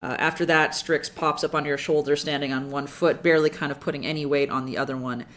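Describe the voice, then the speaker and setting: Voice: medium pitch, fairly even intonation, quick pace, a bit bright. A game master narrating a tabletop game in a casual, meandering way with many fillers.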